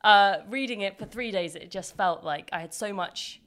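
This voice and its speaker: A woman in casual chat as co-host, playful and quick to laugh. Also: mid-range voice, fairly bright tone. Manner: chatty, laughs often, playful.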